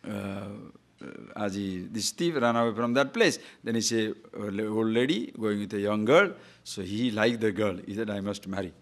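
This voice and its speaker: A man from Odisha with an Odia Indian English accent, giving a spiritual discourse full of stories and rhetorical questions. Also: fairly low pitch. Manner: animated, playful, rhetorical questions. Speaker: spiritual teacher.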